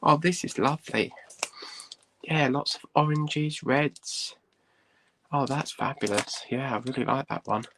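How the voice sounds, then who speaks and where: A man's voice: mid-range voice, a little slow, long pauses, fairly bright tone, slight background noise. A man hosting a casual unboxing vlog, chatting and thinking aloud with lots of "right" and "um". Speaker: host.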